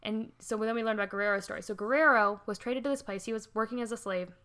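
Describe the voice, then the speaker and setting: A woman hosting a podcast, telling history as a casual, animated story, swearing freely and laughing often. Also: fairly high pitch, fast talker. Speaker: podcast host.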